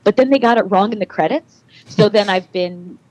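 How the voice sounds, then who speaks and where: Animated woman telling stories. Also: mid-range voice, moderate pace, poor audio. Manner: animated storyteller, acts out quoted dialogue. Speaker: guest actress. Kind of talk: casual interview.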